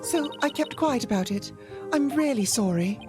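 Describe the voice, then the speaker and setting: A woman's voice: high voice, lively intonation, moderate pace. A woman voicing a distraught young bride-to-be in a mystery game, pleading and melodramatic over background game music.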